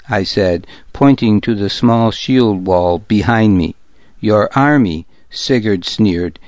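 A man reads first-person narration slowly in a low voice, with a dry, wry edge. The audio is dull and dry. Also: a little mellow, no room sound.

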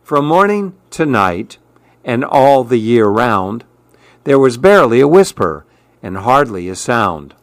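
Slow, rhythmic storybook narrator, man. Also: mid-range voice, dry recording. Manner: measured, rhythmic, expressive.

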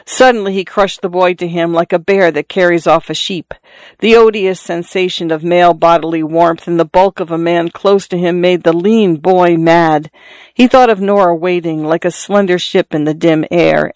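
A narrator reads a literary story aloud at a measured, steady pace. The voice sits in a middle pitch. The recording is dry and close. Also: dry recording. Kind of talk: audiobook narration.

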